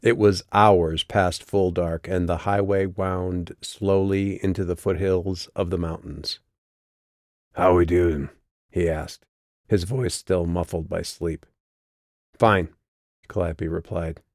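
A man narrating his own novel as a steady, measured audiobook reading. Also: low voice, no room sound, clean studio sound.

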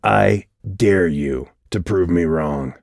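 A man's voice: low voice, takes it slowly, creaky, a little mellow, no echo, clean studio sound, full character voice. Man doing a growling, mocking clown-faced stranger. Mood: menacing. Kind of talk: audiobook character voice.

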